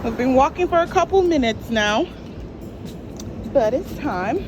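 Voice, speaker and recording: A woman's voice: sits high, lively intonation, unhurried, noisy background. A young woman vlogger talking to her new puppy, coaxing and praising him in affectionate baby talk.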